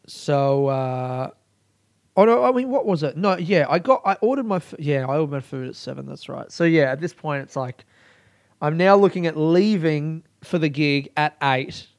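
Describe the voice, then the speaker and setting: A man tells a personal story in a loose, animated monologue, swearing freely. His voice sits a little high and stays smooth and clear. The recording is close and dry. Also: normal speed, dry recording. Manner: animated and profane, with frequent laughter. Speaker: solo storyteller.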